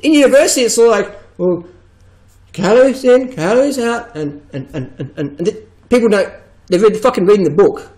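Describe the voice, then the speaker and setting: A man's voice: sits high, very animated, fast talker, a little mellow, rough recording. A man ranting bluntly and profanely to camera as a vegan fitness vlogger. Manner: blunt, swearing, emphatic, mocking quoted voices.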